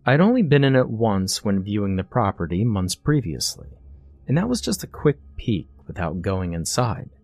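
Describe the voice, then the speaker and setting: A man narrates a scripted horror story in the first person, measured and expressive. His voice sits fairly low but rises and falls widely. The recording is close and dry, with no room sound. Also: dry recording.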